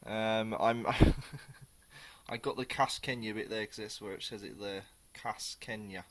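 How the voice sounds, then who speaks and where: A man's voice: fairly low pitch, a little slow, a bit bright. A man chatting casually through a beer review on his channel, rambling, swearing and correcting himself as he goes.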